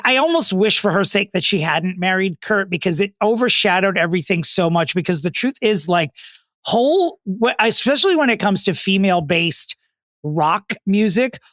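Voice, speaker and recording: A man co-hosting a podcast, talking in a thoughtful, measured way in casual chat. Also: high-pitched, expressive, a bit bright, dry recording, studio quality. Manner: thoughtful, measured, restarts phrases. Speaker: podcast co-host.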